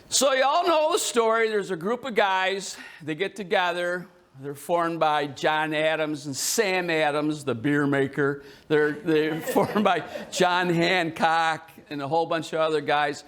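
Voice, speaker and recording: A man with a notably high voice gives a history talk to a live audience in a museum. He is jokey and animated and keeps quizzing the crowd. His delivery stays conversational and teasing throughout. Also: measured pace. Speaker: history presenter. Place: indoor museum hall with an audience.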